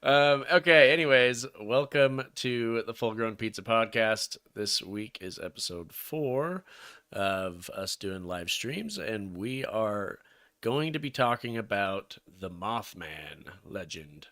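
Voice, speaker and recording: A man's voice: lowish voice, lively intonation, slow, bright, forceful tone, no room sound, clean studio sound. A man co-hosting a casual live-streamed podcast, easygoing and laughing often, trailing off mid-sentence. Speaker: podcast co-host.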